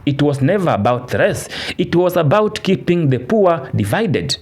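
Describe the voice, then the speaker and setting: A man's voice: a little high, big pitch swings, moderate pace. A man narrating a political commentary, emphatic and repetitive, with restarts. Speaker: channel narrator. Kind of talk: commentary voice-over.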